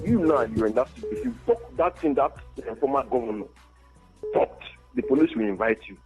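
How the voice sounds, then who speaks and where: A man's voice: a little high, narrow, tinny audio. A man from Rivers State with a Nigerian accent calling a radio show, voicing his concerns through earnest rhetorical questions. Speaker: caller. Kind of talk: call-in radio talk.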